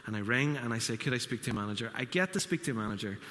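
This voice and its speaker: A man preaching a sermon in a bright, ringing voice. He tells a story and acts out the other speakers' lines, and his words trail off into the long reverb of a church hall. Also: medium pitch, lively intonation, rapid-fire. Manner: storytelling with acted-out quotes. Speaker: pastor.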